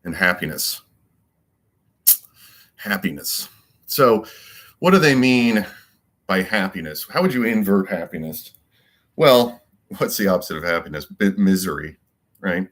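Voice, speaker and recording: A man's voice: deep voice, expressive, unhurried, long pauses, fairly bright tone. A man giving a rambling solo monologue as a commentator, emphatic and repetitive and full of rhetorical questions. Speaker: political commentator.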